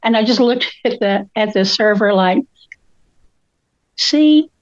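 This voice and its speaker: A woman's voice: mid-range voice, steady tone, normal speed, no room sound, dull audio. An older woman, a co-host telling stories in casual chat, feisty and acting out the voices of the people she quotes.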